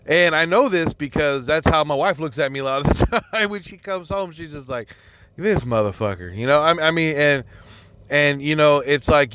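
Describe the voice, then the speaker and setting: A man's voice: on the high side, a bit bright. A man hosting a podcast, talking casually and answering a listener's email in a profane, rambling way full of fillers. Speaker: podcast host.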